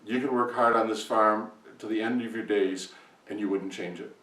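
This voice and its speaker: Envious rich man, low-voiced and insistent, voiced by a male storyteller; roomy, distant. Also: fairly even intonation, moderate pace, fairly bright tone, lightly acted. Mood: wheedling. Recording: echoey room from far off.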